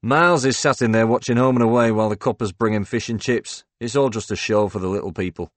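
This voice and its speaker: Cynical male coworker, dismissive and loud, from a male narrator. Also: on the low side, fast, no room sound, voice pushed up, natural voice.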